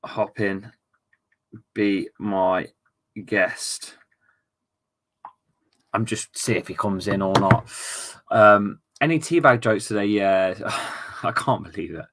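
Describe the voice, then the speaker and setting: Brief: young guy, slightly low voice, relaxed live-stream chatter, quick to laugh. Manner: chatty, reads viewer messages aloud, laughs often. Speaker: football streamer. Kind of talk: casual live-stream chat.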